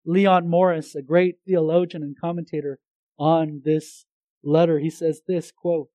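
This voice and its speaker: Man preacher, high-pitched, dry close mic, moves from loud to hushed and jokes between points. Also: little pitch movement, a little slow, no room sound, rough recording. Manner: swings between loud emphatic lines and hushed earnest ones. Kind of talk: sermon.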